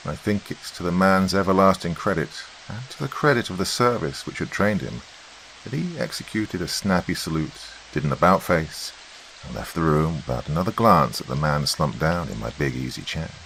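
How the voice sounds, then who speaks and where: Male podcast narrator, very low voice, animated delivery, faint rain and hiss in the background. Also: gravelly, rough recording. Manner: expressive, measured storytelling. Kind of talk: dramatic storytelling narration.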